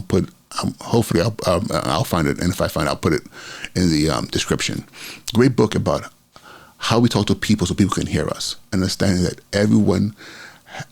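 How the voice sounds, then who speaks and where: A man's voice: fairly low pitch, gravelly, slightly rough. A middle-aged man, a school principal hosting his own podcast, talking casually with many fillers and restarts. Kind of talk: casual solo podcast talk.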